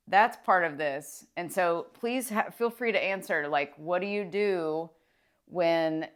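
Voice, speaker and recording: A woman, a social worker, talking casually and enthusiastically to camera about mindset, rambling with fillers and restarts. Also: low-pitched. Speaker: licensed clinical social worker and mindset vlogger. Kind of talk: casual motivational talk to camera.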